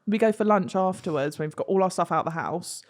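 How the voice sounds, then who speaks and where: A woman's voice: fairly low pitch, fairly quick. A young woman, a podcast guest, tells a story casually, swearing freely and laughing mid-sentence.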